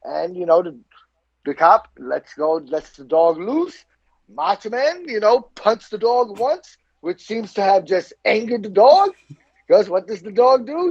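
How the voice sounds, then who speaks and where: A man co-hosting a podcast, telling a story in an animated way and laughing often. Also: sits high, dry recording, dull audio. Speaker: podcast co-host. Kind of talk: casual chat.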